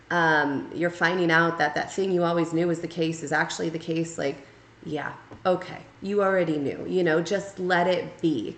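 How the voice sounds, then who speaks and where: A woman giving a casual spoken tarot reading, talking conversationally and checking in often with "right?" and "okay?". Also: on the low side. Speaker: tarot reader. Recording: echoey room.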